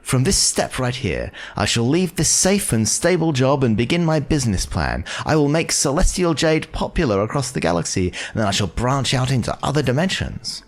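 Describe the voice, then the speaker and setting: Man doing a lively young woman, boasting, big swooping voice. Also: medium pitch, moderate pace, few pauses, pitched above the performer's own voice, close to an everyday voice. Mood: boastful. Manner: boastful, rousing speech. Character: young cheerful female game-tile fan.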